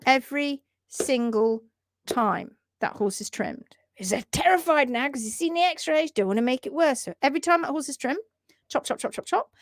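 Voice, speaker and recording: Animated woman ranting on a livestream. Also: high voice, moderate pace, no echo. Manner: animated, emphatic, indignant rants. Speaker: hoof trimming educator, livestream host. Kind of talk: livestream chat reading comments.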